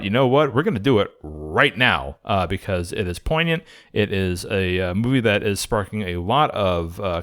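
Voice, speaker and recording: A man's voice: medium pitch, fairly bright tone. A man hosting a casual film podcast, playful and rambling with many filler sounds. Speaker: podcast host.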